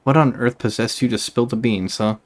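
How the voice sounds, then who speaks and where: A man's voice: medium pitch, fairly even intonation, brisk, close to an everyday voice. A man reading aloud for a brash male gangster in a video game, blunt and full of street slang.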